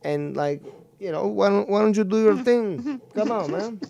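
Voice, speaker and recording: A man putting on a mocking Latino accent, taunting a rival streamer loudly. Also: sits high, animated, moderate pace, creaky, dull audio, a little hiss or hum, voice pushed up.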